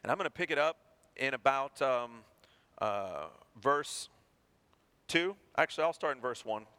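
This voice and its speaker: A man preaching a sermon, animated and acting out everyday people to make his points. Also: medium pitch, a little slow, clean tone. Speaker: pastor.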